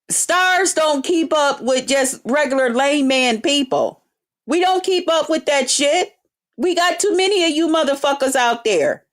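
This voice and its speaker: High-voiced woman vlogger going off, brash, cussing nonstop. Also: a little slow. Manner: brash, trash-talking, swears constantly. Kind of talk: profane ranting monologue.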